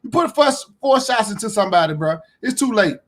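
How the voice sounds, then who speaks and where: A man with a strikingly high-pitched voice talks through a reaction commentary in a loose, heated way. He circles back over the same points, swears freely, and climbs into outright shouting when he gets indignant. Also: lively intonation, fairly quick. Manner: blunt, heated, repeats himself, swears freely.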